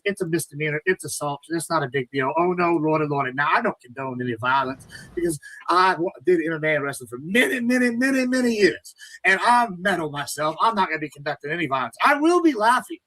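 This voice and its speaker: A man's voice: high-pitched, big pitch swings, fast talker, pushed and bright, low-quality recording. A man from Texas, ranting on a livestream in a profane, mocking, combative way. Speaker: livestream guest.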